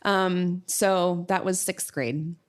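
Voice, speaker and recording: A middle-aged woman from Oklahoma, a music professor and podcast guest, telling stories in a relaxed, reflective way, with many fillers and frequent laughs. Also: on the low side, slow pace. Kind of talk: casual interview storytelling.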